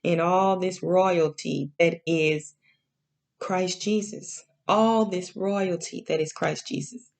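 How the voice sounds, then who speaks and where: This is a woman leading a Bible lesson as a casual sermon, with a fairly low pitch, fairly even intonation, vocal fry, and a darkish tone. She talks slowly and repetitively, checking in with "okay?" and elongating key words.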